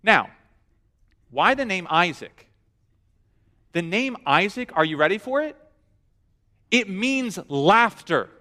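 A man's voice: high voice, takes it slowly, long pauses. A man preaching a sermon, telling the story with humor and acting out the quotes. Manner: animated storyteller, acts out quotes. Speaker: pastor.

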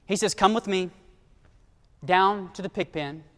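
High-voiced preacher in a reverberant hall. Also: male voice, a little slow. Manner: shifts to soft low tones for quoted characters, rising to loud high emphasis. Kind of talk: sermon storytelling.

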